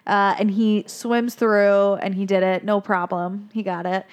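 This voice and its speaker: A woman's voice: mid-range voice, little pitch movement, unhurried, muffled recording. A woman co-hosting a podcast, recapping a film in casual chat, with many ums and little acted-out quotes. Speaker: podcast co-host.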